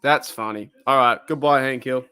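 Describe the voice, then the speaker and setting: A man's voice: mid-range voice, normal speed, bright, forceful tone, smooth. A man with an Australian accent, chatting casually and rambling with frequent laughter as he hosts a football watch-party stream. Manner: giggly, rambling, breaks into laughter. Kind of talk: casual live-stream chat.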